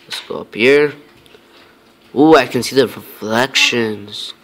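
A man's voice: medium pitch, takes it slowly, a bit bright. A man giving casual, rambling commentary over his own gameplay, talking to himself with many fillers and mock-tough lines.

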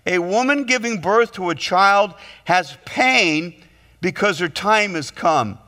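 A pastor with a very high, bright, forceful voice preaches a humorous sermon in a church sanctuary, his words ringing with long hall reverb. He is animated, telling stories and quick jokes and often repeating his words.

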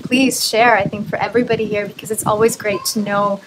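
A woman's voice: mid-range voice, little pitch movement, a little fast, heavy background noise. A woman from Canada co-hosting a live community stream, talking in an enthusiastic way with lots of fillers. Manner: warm, enthusiastic, filler-heavy. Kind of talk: casual live-stream chat.

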